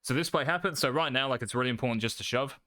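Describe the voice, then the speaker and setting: A man's voice: medium pitch, rapid-fire, pushed and bright, dry recording, clean studio sound. Brash man coaching gameplay. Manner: brash, swears freely, cocky. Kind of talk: casual gameplay coaching commentary.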